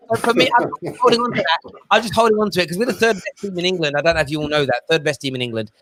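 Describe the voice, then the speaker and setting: A man hosting a casual football chat show, telling stories with lively energy and mimicking voices. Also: high voice, fast talker. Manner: animated storytelling, mimics his kids. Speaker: show host.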